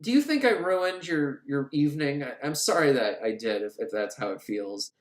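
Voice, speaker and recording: A podcaster putting on a meek, apologetic middle-aged wife, speaking softly, in an echoey room. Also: medium pitch, animated, moderate pace, natural voice.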